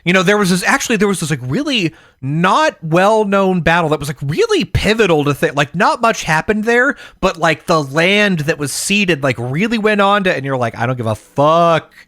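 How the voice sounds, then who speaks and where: A man's voice: sits high, lively intonation, normal speed, few pauses, fairly bright tone, dry recording, studio quality. A man co-hosting a casual podcast, telling stories and acting out quotes while swearing. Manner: storytelling with acted-out quotes, profane. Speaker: podcast co-host. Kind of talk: casual chat.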